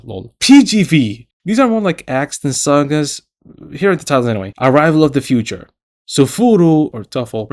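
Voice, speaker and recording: A man hosting a scripted video essay, reading it out with casual asides. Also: medium pitch.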